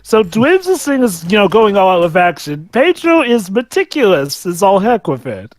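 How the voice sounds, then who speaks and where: A man with a high, bouncy voice trades teasing banter while commentating a game with friends. The sound is dry and close. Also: very animated, moderate pace, no echo. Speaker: let's play co-host. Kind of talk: casual group commentary.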